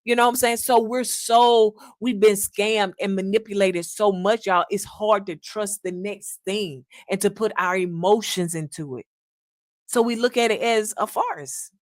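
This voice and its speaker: A woman's voice: medium pitch, measured pace, no echo, studio quality. A woman hosting a podcast in an earnest, casual monologue, calling listeners "y'all" and acting out little quotes. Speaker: podcast host.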